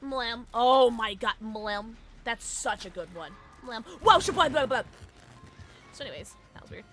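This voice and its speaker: Bubbly, lively young woman streamer. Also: on the high side, moderate pace, faint music behind. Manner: bubbly, giggly, chatty with viewers. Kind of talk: casual gaming stream chat.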